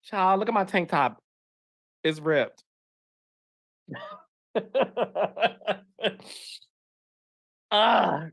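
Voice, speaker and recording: A man's voice: sits high, lively intonation, unhurried, long pauses, fairly bright tone. A man hosting a podcast, speaking earnestly and emotionally, often repeating himself. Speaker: podcast host.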